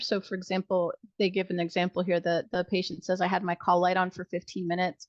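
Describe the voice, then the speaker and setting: A woman's voice: lowish voice, no room sound. A middle-aged woman teaching nursing students in a conversational way, acting out sample dialogues. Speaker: nursing instructor. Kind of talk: recorded video-call lecture. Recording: dull lo-fi video call audio.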